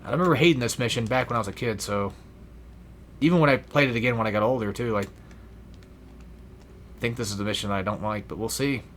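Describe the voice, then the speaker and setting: A man's voice: mid-range voice, fast talker, long pauses, fairly bright tone, a little hiss or hum. A young man giving casual gameplay commentary, rambling and swearing freely with self-deprecating asides. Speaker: let's play gamer.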